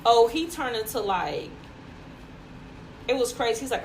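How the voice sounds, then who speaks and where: Woman, podcast co-host, casual storytelling, profane and animated, faint background noise. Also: a little high, a little slow, creaky. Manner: animated, profane, laughs through her story.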